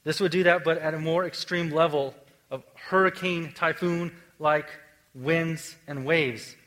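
A man preaching a sermon in a casual, conversational way, moving between lively emphasis and quiet, hushed stretches. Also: fairly high pitch, measured pace, rough recording. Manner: conversational, swings from energetic to hushed. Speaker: pastor.

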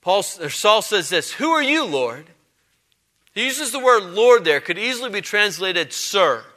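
A man's voice: high-pitched, lively intonation, normal speed, sharp tone. A male pastor giving a conversational sermon, emphatic and given to repeating phrases for weight.

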